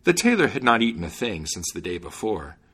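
A man narrating a storybook fairy tale in a low, slightly husky voice. His reading is expressive, with wide, lively swings in pitch. It has the steady flow of storybook narration. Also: brisk.

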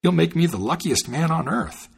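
A man's voice: on the high side, animated, normal speed, vocal fry, husky, voice pushed up, full character voice. A man reading the part of a cheerful, naive young man who is eager and delighted.

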